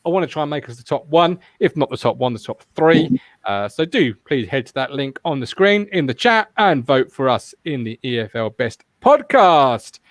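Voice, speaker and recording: A man's voice: medium pitch, animated, moderate pace, dry recording, clean studio sound. A man hosting a casual football fan podcast, rambling and swearing freely as he chats. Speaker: podcast host.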